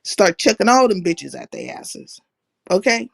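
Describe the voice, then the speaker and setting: A woman hosting a livestream, telling profane stories in a brash, animated, slangy way. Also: medium pitch, a little slow, creaky, dry recording. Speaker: livestream host. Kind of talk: casual profane storytelling chat.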